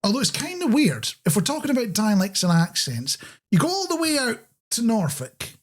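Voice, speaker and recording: A man's voice: extremely high pitch, huge pitch swings, brisk. A man with a Scottish accent co-hosting a casual chat show, joking and reading out listener messages. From Scotland. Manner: chatty, jokey, reads out listener messages. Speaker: podcast co-host.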